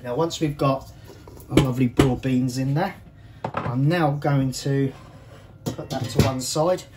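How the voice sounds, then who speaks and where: A man's voice: medium pitch, a little slow, over loud music. Chatty male cooking show host. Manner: chatty, walks viewers through each step. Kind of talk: cooking demonstration. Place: kitchen.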